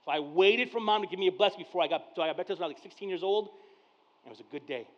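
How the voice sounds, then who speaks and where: High-voiced animated man preaching. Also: very fast. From Mexican heritage. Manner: conversational storyteller, acts out dialogue, swings from hushed to loud. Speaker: pastor. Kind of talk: sermon with personal stories. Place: church service. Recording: dull lo-fi sound.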